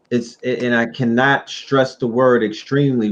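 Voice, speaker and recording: A man hosting a livestream talk show, speaking in a slow, drawn-out and emphatic way. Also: medium pitch, fairly even intonation. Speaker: host. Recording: dull muffled audio with faint noise.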